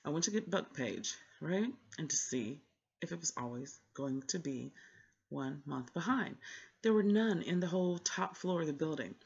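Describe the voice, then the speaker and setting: A husky, gravelly voice tells a rambling, chatty story on a book vlog, slipping into the voices of the people involved. The recording sounds dull and lo-fi, like home video audio. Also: mid-range voice, animated, normal speed. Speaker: book vlogger. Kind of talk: casual book vlog chat.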